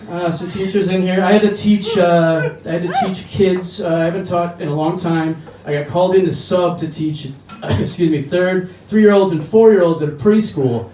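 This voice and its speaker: A man's voice: high-pitched, darkish tone, slight background noise. American male comic, crude rambling stand-up, echoey bar sound. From United States. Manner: crude, rambling storytelling with quick voice switches. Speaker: stand-up comedian. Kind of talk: stand-up set. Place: bar comedy stage. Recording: echoey bar, mic heard from a distance.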